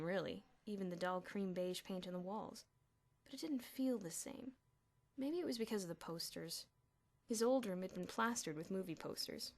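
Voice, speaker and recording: A woman reading a children's novel aloud as an audiobook, with an expressive delivery. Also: on the low side. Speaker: audiobook reader. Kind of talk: audiobook narration.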